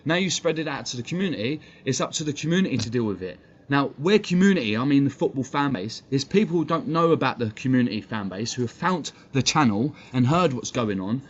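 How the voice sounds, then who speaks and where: A man ranting bluntly on a live fan stream, swearing and combative. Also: fairly high pitch. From England. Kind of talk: heated live-stream rant. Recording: dull lo-fi stream audio, faint background noise.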